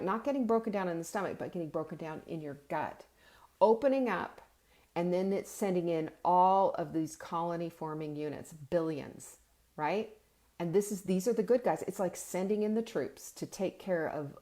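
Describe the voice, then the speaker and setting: Woman host, casual live-stream chat, lowish voice, animated, lots of restarts. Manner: chatty and animated, with frequent restarts and self-corrections; breaks into laughter. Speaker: host of a nutrition and cooking show.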